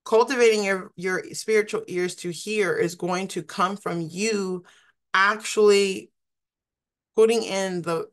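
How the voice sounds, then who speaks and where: A woman minister giving a prophetic word in a slow, solemn proclamation, then explaining scripture in a loose, chatty way with frequent restarts. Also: fairly low pitch, fairly bright tone. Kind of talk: prophetic word and Bible teaching.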